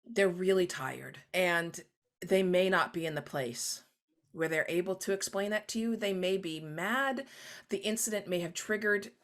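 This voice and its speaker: Woman guest chatting in an interview, lively, jumps way up when quoting people. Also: moderate pace. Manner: animated, acts out quoted voices with big pitch jumps. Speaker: guest author. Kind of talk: conversational interview.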